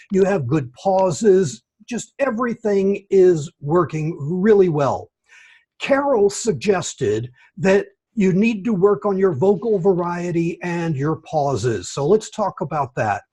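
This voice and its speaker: A man evaluating a speech at an online club meeting, giving encouraging feedback in slow, deliberate phrases over a video call. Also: sits high, darkish tone, slightly rough. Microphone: computer mic on video call.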